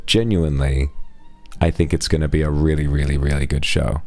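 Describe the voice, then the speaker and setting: A man's voice: level tone, fairly quick, soft background music. A man streaming live, casually thanking donors and chatting with affectionate, playful asides. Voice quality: very deep, gravelly voice. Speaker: streamer reading donations.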